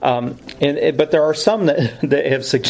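A man's voice: a little high, measured pace, darkish tone, poor audio. A man teaching through Bible verses in a sermon style, earnest and explanatory, often correcting himself as he goes.

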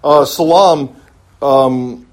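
Man leading a halting Bible study. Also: medium pitch. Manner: halting, many fillers and restarts; polite, answers with "yes, ma'am".

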